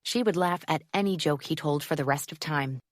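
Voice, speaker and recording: Lady reading a romance audiobook, low voice, super dry close mic. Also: fairly quick, no echo. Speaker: audiobook narrator. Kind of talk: scripted narration.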